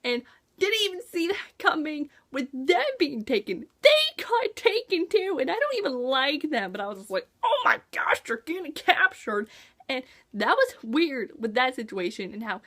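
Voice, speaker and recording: A high-pitched woman chatting about a book with a gushing, excitable energy. Her voice swings widely up and down as she acts out her own reactions. It sounds like a relaxed, casual review. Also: normal speed. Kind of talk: casual chat.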